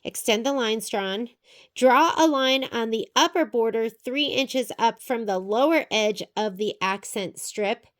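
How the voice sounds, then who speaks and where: A woman's voice: a little high, measured pace. Chatty woman teaching a quilting step. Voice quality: chatty, thinks aloud while working. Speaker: sewing instructor. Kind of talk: quilting tutorial.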